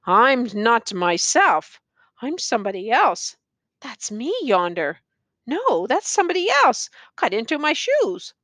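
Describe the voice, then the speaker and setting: A woman's voice: a little high, very animated, slow, a bit bright, no echo, full character voice. A woman voicing a ragged, gray-bearded old man who pleads in confusion. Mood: bewildered.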